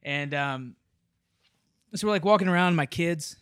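A man's voice: on the high side, unhurried, smooth, no echo, studio quality. Laughing man telling stories. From Memphis, USA. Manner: animated, self-deprecating storyteller who laughs often. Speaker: guest storyteller. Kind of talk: casual chat.

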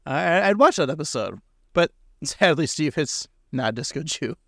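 A man's voice: a little high, lively intonation, moderate pace, creaky, a bit bright, dry recording, clean studio sound. A man co-hosting a casual podcast, rambling and joking, laughing often. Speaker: podcast co-host.

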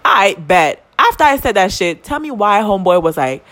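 A young woman, telling a story in casual chat as a podcast co-host, profane and quick to indignation. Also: mid-range voice, lively intonation, a bit bright.

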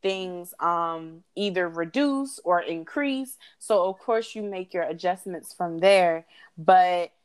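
A young adult woman co-hosting a podcast, giving relationship advice in a casual, reflective way with drawn-out phrasing. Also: on the low side, clear, resonant tone. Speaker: podcast co-host. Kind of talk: casual chat.

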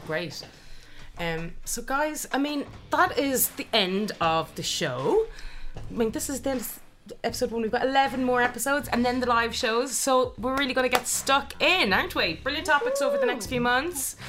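A woman's voice: high voice, expressive, normal speed, fairly bright tone, a little hiss or hum. Chatty woman, upbeat storyteller. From Ireland. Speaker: podcast co-host. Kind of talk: casual chat.

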